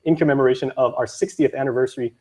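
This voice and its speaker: A young man from Guam hosting a news show, quick and joking as he runs a trivia quiz. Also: mid-range voice, steady tone, a little mellow. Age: young adult. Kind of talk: lively on-air quiz banter.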